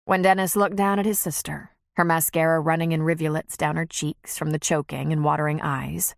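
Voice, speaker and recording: A woman narrating an audiobook in an expressive, measured reading. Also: deep voice, vocal fry, dry recording, studio quality. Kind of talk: scripted narration.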